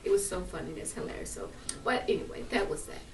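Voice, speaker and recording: An older woman telling heartfelt family stories, laughing and emotional at times. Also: fast talker. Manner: warm, laughing, emotional storytelling. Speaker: speaker at a family gathering. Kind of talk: heartfelt storytelling. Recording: echoey room, voice from far off.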